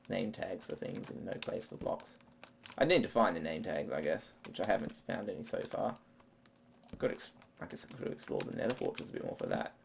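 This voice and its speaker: A man's voice: lowish voice, vocal fry, slight background noise. A man doing rambling, self-talking let's play commentary while he plays. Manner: rambling, talks to himself. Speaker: gaming channel host.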